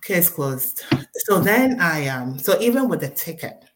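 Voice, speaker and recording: A woman as a guest storyteller giving a personal faith testimony, animated and acting out dialogue with many fillers. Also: lowish voice, a little slow.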